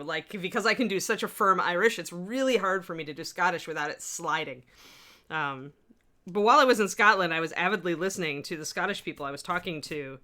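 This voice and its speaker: A woman's voice: on the low side, sharp tone. A woman hosting a hobby livestream in casual chat, rambling and laughing often as she reads out and answers chat messages. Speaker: livestream host.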